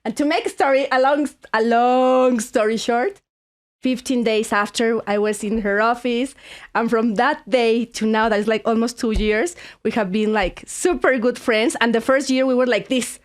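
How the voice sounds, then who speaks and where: A woman's voice: fairly high pitch, normal speed. A woman from Mexico with a Mexican Spanish accent, a native Spanish speaker, telling a story in casual chat as a podcast host, full of restarts and fillers. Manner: animated, many restarts and fillers.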